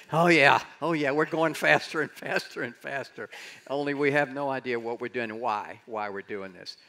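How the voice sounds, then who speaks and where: Animated older man giving a keynote. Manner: animated storyteller, acts out quotes with big jumps in pitch. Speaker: conference speaker. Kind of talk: keynote talk on leading change. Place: conference stage in a large hall.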